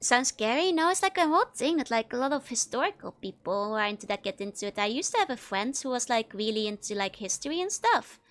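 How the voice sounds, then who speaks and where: A woman's voice: fairly high pitch, sing-song, quick pace, hardly any pauses, a bit bright. A woman streamer giving casual, playful commentary over a game, chatty and often giggling.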